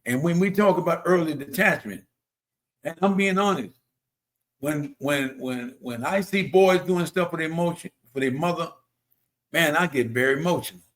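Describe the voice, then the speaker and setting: A man's voice: a little high, normal speed, fairly bright tone. A man hosting a casual motivational talk, earnest and preachy, who often repeats himself. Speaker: host.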